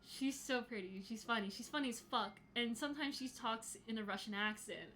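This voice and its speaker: A woman's voice: a little high, brisk, hardly any pauses, fairly bright tone, a little hiss or hum. A young woman in her twenties hosting a casual livestream from home, chatty and swearing freely as she greets chatters by name. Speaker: podcast host live-streaming to chat.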